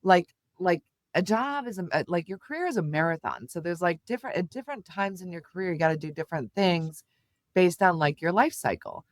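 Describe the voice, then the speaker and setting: Woman guest, middle-aged, animated storytelling, lots of fillers, dry recording. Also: fairly low pitch, fairly quick, no room sound. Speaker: guest, communications executive. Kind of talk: casual interview chat.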